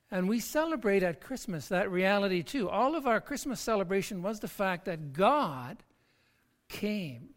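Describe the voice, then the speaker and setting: A pastor delivers a sermon at an unhurried, deliberate pace. The delivery is emphatic, with words repeated as each point builds. Long reverb from a church hall trails behind every phrase. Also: mid-range voice.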